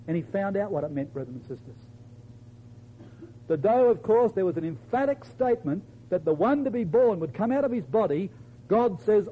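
A man preaching a sermon to his congregation, emphatic, quoting scripture in old-fashioned wording and dropping softly at the ends of phrases. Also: lively intonation, brisk, slight background noise, poor audio. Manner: emphatic, addresses listeners as brethren and sisters; drops to a soft low voice at the ends of phrases.

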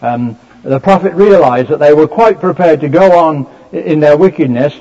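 A man preaching a sermon, explaining scripture in a measured way with many fillers and restarts. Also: fairly high pitch, mellow. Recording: dull lo-fi recording.

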